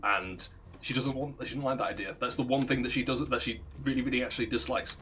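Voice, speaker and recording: A man's voice: mid-range voice, fairly even intonation, fast talker, a bit bright. Rambling, swearing male streamer. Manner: rambling, profane, laughs at own story. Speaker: let's play streamer. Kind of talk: casual storytelling while gaming.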